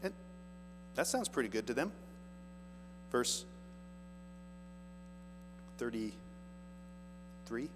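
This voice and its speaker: A man's voice: medium pitch, expressive, takes it slowly, pauses often. A man preaching a sermon, reading scripture aloud with earnest, rising emphasis. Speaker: pastor. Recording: long hall reverb, faint music and mains hum.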